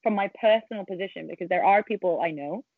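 A woman's voice: lowish voice, fast talker, no room sound. A woman, a podcast guest chatting bluntly and animatedly over a remote call, swearing freely. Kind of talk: casual interview chat. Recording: tinny phone-like call audio.

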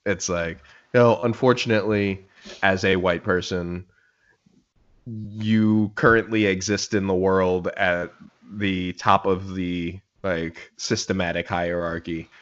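A man's voice: low voice, steady tone, slow pace, muffled recording. A man in a casual podcast chat, reflective and conversational. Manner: conversational, reflective, laughs hard at jokes.

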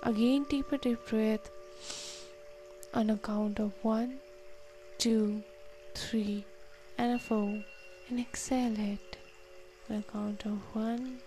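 A woman leading a guided meditation, counting breaths and giving slow, soft, calm instructions. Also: fairly high pitch, faint music behind.

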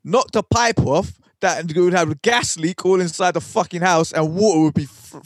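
Man, podcast co-host, swears freely, slightly high voice. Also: moderate pace, no echo. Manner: sweary storytelling, acts out quoted voices. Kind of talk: casual chat.

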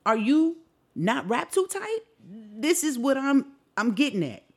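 A woman's voice: sits high, sing-song, unhurried, husky. A woman hosting a solo podcast, talking in an impassioned, indignant way and asking rhetorical questions. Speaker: podcast host. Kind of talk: opinionated solo podcast commentary.

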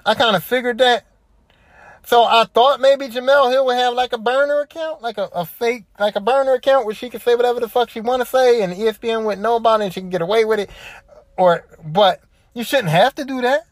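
A woman's voice: fairly high pitch, fairly quick, no echo. Profane, worked-up woman podcaster. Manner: profane, repetitive, worked-up commentary. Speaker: podcast host. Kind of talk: casual solo podcast rant.

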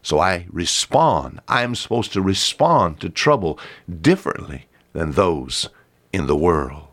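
Emphatic low-voiced preacher man. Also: very animated, a bit bright. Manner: emphatic, rhetorical questions, drawn-out stressed words. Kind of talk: radio sermon.

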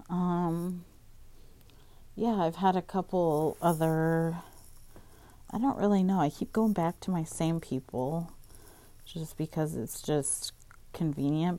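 Exasperated woman ranting with a mellow voice. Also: low-pitched. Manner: profane, exasperated, heavy use of "like". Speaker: vlogger. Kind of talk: casual storytime rant.

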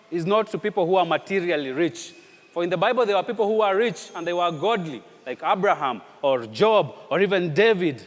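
A man preaching a sermon with a slightly high voice. He repeats phrases and asks rhetorical questions with animated emphasis. His voice carries a long reverb from a church hall. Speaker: pastor.

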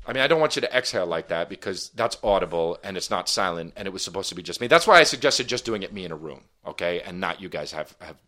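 A man's voice: deep voice, expressive, fast, hardly any pauses, bright, forceful tone. A man in his thirties from New Jersey, co-hosting a comedy podcast, bossy and mock-indignant as he shushes the others. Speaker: podcast co-host.

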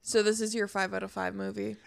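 A woman's voice: mid-range voice, level tone, brisk, creaky. Amused woman chatting casually. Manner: laughs often, amused reactions. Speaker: podcast co-host. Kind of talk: casual chat.

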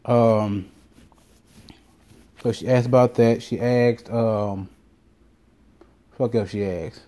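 A man's voice: medium pitch, steady tone, slow, warm tone. A man telling a casual, rambling story full of swearing and self-corrections. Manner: rambling, profane, self-interrupting. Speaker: vlogger.

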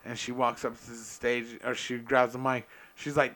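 A man's voice: medium pitch, measured pace, bright, forceful tone. A young man hosting a podcast, a stand-up comedian telling rambling stories and swearing often. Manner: profane, rambling storyteller. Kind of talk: casual chat.

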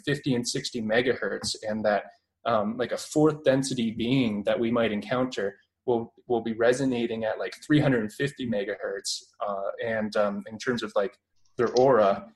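A man's voice: medium pitch, steady tone, normal speed, rough recording. A man in his twenties with a Canadian accent, a guest on a radio interview, talking through his experiences with lots of fillers and restarts. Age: 20s. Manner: hesitant, many fillers and restarts.

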